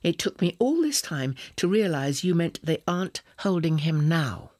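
Cool young female spy, quietly menacing, read by a man, raised pitch, dry booth sound. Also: big pitch swings, moderate pace, dry recording. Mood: pressing. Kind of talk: audiobook reading.

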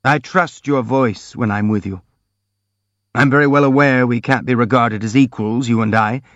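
A man reading the part of an earnest, gentle young prince in an audiobook, in a soft, pleading way, recorded dry and slightly dull. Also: mid-range voice, steady tone, normal speed, dry recording, close to an everyday voice. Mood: troubled.

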